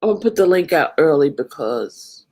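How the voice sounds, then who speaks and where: A woman hosting a live stream, tearful and crying as she talks to her viewers, apologetic and emotional, pausing often and sighing. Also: deep voice, sing-song, a little mellow, slightly rough, low-quality recording. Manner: slow, emotional, apologetic, drawn-out pauses and sighs. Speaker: livestream host.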